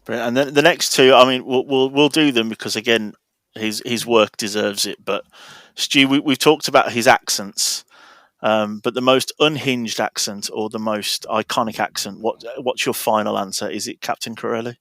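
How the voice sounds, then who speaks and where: A man's voice: mid-range voice, steady tone, moderate pace, fairly bright tone, no room sound. A man hosting a casual podcast, playfully quizzing his co-hosts one by one for an awards segment.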